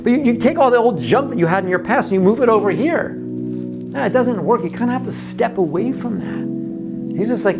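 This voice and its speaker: A man's voice: high voice, moderate pace, music in the background. Conversational man preaching a sermon. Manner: conversational preaching, often repeating words. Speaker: pastor.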